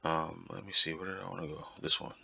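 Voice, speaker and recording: Deep, sharp-voiced male Bible teacher. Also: flat delivery, fast, vocal fry, slightly rough. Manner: emphatic, repetitive, keeps asking "right?".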